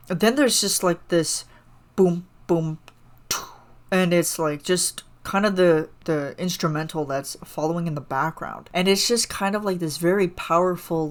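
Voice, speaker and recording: A woman's voice: lowish voice, a little slow. A woman hosting a solo podcast, gushing about a song in a rambling, casual way full of fillers. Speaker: podcast host reacting to a song.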